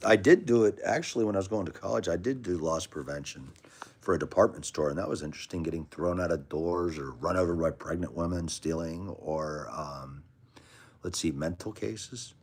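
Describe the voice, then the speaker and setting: A man's voice: sits low, normal speed, darkish tone, slightly rough. An American man hosting a casual livestream, chatting with viewers in a chummy, rambling way and calling them brother and man. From United States. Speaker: livestream host. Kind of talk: casual live chat reading comments.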